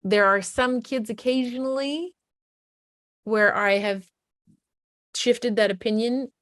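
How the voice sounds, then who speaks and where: A woman's voice: fairly high pitch, fairly even intonation, slow pace, fairly bright tone, no room sound, clean studio sound. A woman parenting coach giving casual, emphatic advice and acting out what a parent might say to a child. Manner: conversational and emphatic, acts out what a parent would say. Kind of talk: casual advice talk to camera.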